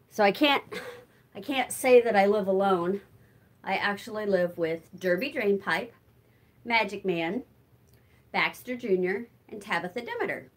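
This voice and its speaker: An older woman chatting casually on a live stream while doing chores at home and reading out viewer comments. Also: mid-range voice. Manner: chatty, warm toward her cats, answers viewer comments. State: winded from walking. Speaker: vlogger. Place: her home, moving between rooms.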